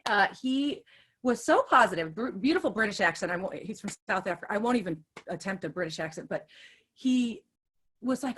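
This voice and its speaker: Brief woman in her 50s, excitable storyteller, restarts often, webinar guest on a video call. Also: mid-range voice, brisk, husky. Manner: hyper, chatty, restarts a lot. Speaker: guest speaker, teacher. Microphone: video call with earbuds.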